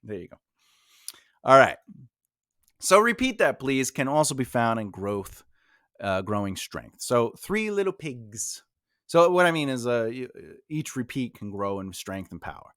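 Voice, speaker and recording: A man's voice: medium pitch, sing-song, normal speed, a bit bright, dry recording, studio quality. A man teaching writing in a loose, rambling style, talking casually with fillers and restarts. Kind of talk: casual instructional talk.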